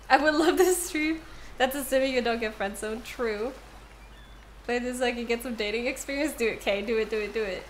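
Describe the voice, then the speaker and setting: A woman's voice: on the high side, fairly quick, slight background noise. A young woman streaming a game from home, reading the game text aloud and chatting playfully with viewers, often giggling.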